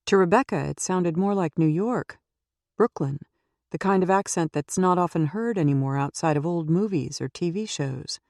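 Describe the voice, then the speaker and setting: A woman reading a suspense audiobook in a steady, measured way into a close microphone. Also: on the low side, dry recording. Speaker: audiobook narrator. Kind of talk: scripted audiobook narration.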